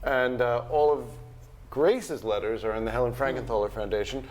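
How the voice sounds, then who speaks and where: A man's voice: medium pitch, normal speed. A male curator moderating a panel, eagerly adding details. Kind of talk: panel conversation. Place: art gallery talk.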